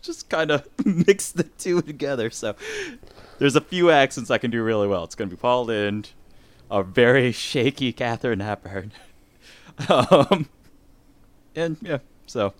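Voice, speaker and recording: A man's voice: medium pitch, animated, a little slow, dry recording. A man co-hosting a podcast in casual chat, rambling and laughing often. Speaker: podcast co-host.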